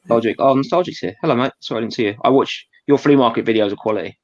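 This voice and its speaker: A man's voice: mid-range voice, racing, dull audio. A man chatting as a guest, hesitant and full of fillers. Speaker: guest collector. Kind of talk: casual chat.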